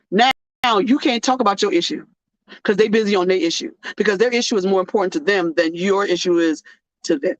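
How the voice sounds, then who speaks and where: Her voice sits in the mid-range and moves a little fast as she hosts her own show. She jokes casually in an animated, sermon-like way, and the lo-fi recording sounds dull and dry with no room sound.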